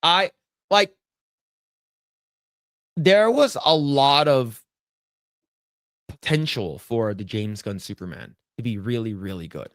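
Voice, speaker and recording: This podcast co-host is a man talking in a loose, profane, lively way, leaping abruptly into a far higher register to mimic reactions. He speaks slowly with frequent pauses, captured in a dry, studio-quality recording.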